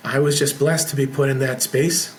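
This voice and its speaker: A man talking as an interview guest, telling his story in a loose, animated way. He is frank and swears without fuss. His delivery is casual and conversational. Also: medium pitch, normal speed, a little hiss or hum. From military veteran. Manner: animated storyteller who acts out dialogue. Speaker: podcast guest, business founder.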